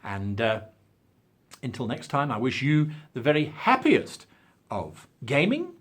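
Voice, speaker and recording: A South African man hosts an advice video with precise, British-leaning pronunciation. His delivery is theatrical, leaning hard on key words, with a lively, swooping pitch. There is a slight huskiness to his voice. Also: a little slow, slightly rough. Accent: South African English, with crisp British-style diction. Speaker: channel host. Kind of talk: talking-head advice video.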